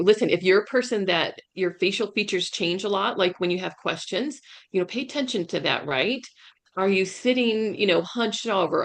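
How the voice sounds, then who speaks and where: A woman career coach giving a webinar talk over a video call, emphatic and often checking in with "right?". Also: mid-range voice. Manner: emphatic, keeps asking "right?". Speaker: career coach, guest speaker. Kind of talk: webinar presentation.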